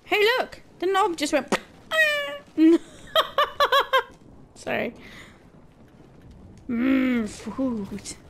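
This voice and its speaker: A woman's voice: high-pitched, very animated, extremely slow, long pauses. A young woman streaming a shooter game, chatting casually with her viewers, joking, laughing and swearing freely. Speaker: gaming streamer.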